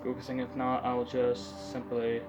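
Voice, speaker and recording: A young male video creator reads historical facts in a casual commentary, his mid-range voice completely flat and a little slow. The recording is rough, loud music plays under him, and he stumbles over names, correcting himself with muttered asides.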